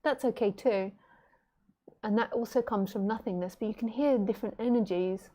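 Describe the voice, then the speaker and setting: A middle-aged woman teacher giving a casual online talk from home, chatty and warm with her listeners, laughing easily. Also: on the high side, normal speed. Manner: chatty, laughing, baby-talks to her pet. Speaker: spiritual teacher.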